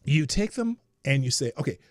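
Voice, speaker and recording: Man, livestream host, swearing, blunt, laughs at himself, very lively pitch, dry close sound. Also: fairly quick, no echo. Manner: profane, blunt, laughs at his own jokes, swings from low mutter to loud outbursts. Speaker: livestream host answering viewer questions. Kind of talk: casual unscripted chat.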